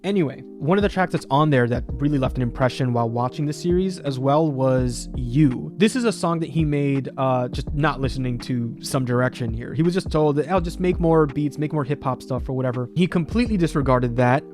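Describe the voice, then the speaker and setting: A man hosting a casual music talk, rambling with lots of filler words. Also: medium pitch. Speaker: music video essay host.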